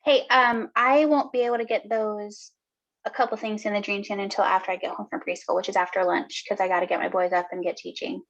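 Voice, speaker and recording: A woman giving earnest, encouraging advice in a casual talk, often pausing on "um". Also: mid-range voice, steady tone, gravelly, a bit bright. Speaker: co-host. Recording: dull lo-fi video call audio.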